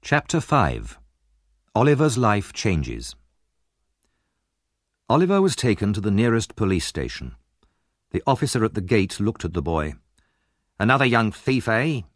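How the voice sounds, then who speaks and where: Expressive low-voiced male audiobook narrator. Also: a little slow, long pauses, no room sound, studio quality. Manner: expressive, dramatic storytelling. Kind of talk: scripted narration.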